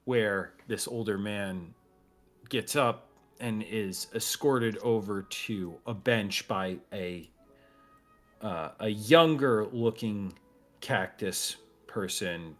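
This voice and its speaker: A man's voice: on the low side, takes it slowly, soft background music. A man narrating a tabletop game as game master in a rambling, laid-back way.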